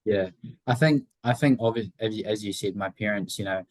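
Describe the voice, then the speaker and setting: Teenage New Zealand lad, dry and close. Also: male voice, lowish voice, fairly quick, darkish tone, no echo, rough recording. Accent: New Zealand, Southland. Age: teens. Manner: rambling, many fillers and restarts. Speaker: guest, young motorcycle racer. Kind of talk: casual interview chat.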